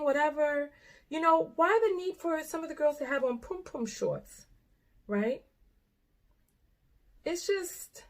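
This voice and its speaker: A middle-aged woman, a life coach, reacting to a video, animated and exclamatory at times, then soft and earnest. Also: sits high. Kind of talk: reaction commentary.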